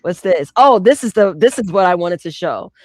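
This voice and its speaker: A man's voice: high voice, expressive, moderate pace, crowd noise. A young man on a live panel show, teasing and laughing in casual chat.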